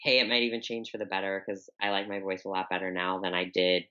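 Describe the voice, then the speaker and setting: A young woman with a deep, low voice for a woman, talking candidly and rambling with lots of fillers as a podcast guest. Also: little pitch movement, quick pace, pushed and bright, smooth. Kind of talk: casual interview talk. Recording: dull, muffled audio.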